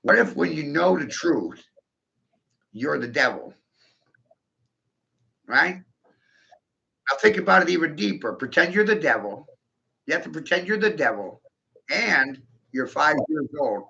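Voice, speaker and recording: Brief: male vlogger, piercing tense tone with some gravel, giggly profane rant, dull lo-fi audio. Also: on the high side, sing-song, unhurried, long pauses, pushed and bright. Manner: profane, giggly, keeps breaking into laughter; rhetorical, addresses the listener directly. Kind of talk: rambling stream-of-consciousness monologue. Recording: dull lo-fi recording.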